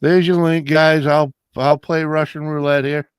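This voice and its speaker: A man's voice: fairly high pitch, level tone, normal speed, clear, resonant tone, dry recording, studio quality. Laid-back man hosting late-night chat. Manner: laid-back, drawling, greets viewers by name. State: coming down with a cold. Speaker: live stream host.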